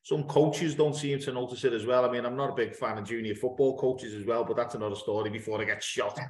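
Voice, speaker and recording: Man, British, interviewer, opinionated, casual chat, echoey room. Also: mid-range voice. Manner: opinionated, animated, quick to agree. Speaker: interviewer, host.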